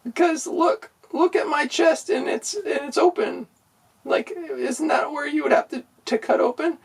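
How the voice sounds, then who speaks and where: A man voicing a shrunken, kidnapped female pop singer who frets in a raspy, husky squeak during comedy podcast improv. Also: a little slow, distant mic, full character voice. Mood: fretful. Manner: whiny, fretful and earnest.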